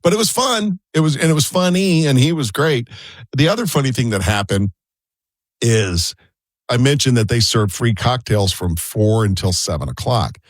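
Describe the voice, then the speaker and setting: A man's voice: medium pitch, lively intonation, moderate pace, dry recording. Chatty man telling rambling stories. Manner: chatty, rambling anecdotes with asides. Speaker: co-host. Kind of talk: casual talk-show storytelling.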